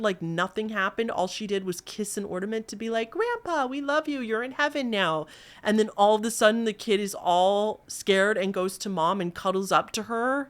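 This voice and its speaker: A woman's voice: mid-range voice, a bit bright. A young woman hosting a casual video, chatting animatedly to her viewers and mimicking voices in the lines she quotes. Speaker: YouTube host. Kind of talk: casual commentary on viral videos.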